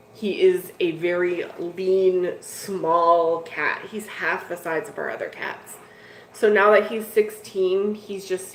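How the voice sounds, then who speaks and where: A woman with a lowish, vocal-fry voice chats loosely with her live-stream viewers about fish-keeping, surrounded by tanks in a room at home. She peppers her rambling with "like" and "dude," and the recording has echo and faint noise.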